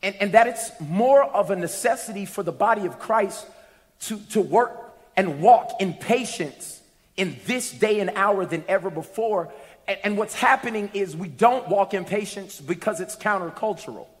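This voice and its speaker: A man preaching a sermon to a congregation, telling a story and building to shouted exhortation. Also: high voice, animated, moderate pace. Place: church sanctuary. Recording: long reverb of a large hall.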